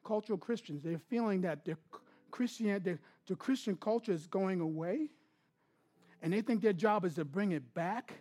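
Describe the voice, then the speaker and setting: A man preaching a sermon as pastor, dropping to hushed asides and then building to loud, emphatic bursts. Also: high voice, normal speed.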